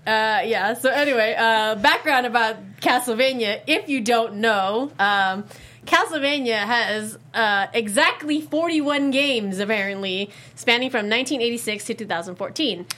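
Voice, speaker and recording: A woman's voice: fairly high pitch, moderate pace, sharp tone. A woman co-hosting a casual podcast chat, rambling with lots of fillers and restarts. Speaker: podcast co-host.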